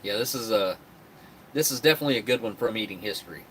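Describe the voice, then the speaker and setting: Quick and animated, a West Virginia man with a lowish, slightly bright voice chats away on his live stream, reading viewer comments as he rambles. Slight background noise runs underneath.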